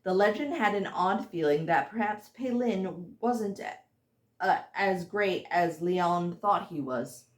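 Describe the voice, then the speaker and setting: A woman reads her own fantasy novel aloud at an unhurried pace, sometimes tripping over words and starting lines again. Her voice sits at a middling pitch, and the room around her gives a noticeable echo. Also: animated. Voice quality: halting reading with slips, restarts and apologies. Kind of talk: unpolished audiobook reading.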